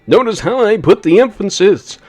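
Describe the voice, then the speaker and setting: Impression: man voicing a theatrical middle-aged British snob, booming and slow, high and plummy, game music faint behind. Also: expressive, darkish tone, husky, no echo. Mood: pompous.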